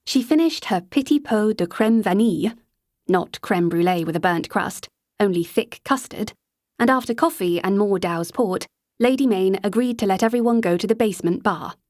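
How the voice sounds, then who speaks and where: A woman reading a novel aloud as an audiobook narrator, in an even storytelling manner on a close mic. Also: medium pitch, normal speed, no room sound. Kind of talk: scripted narration.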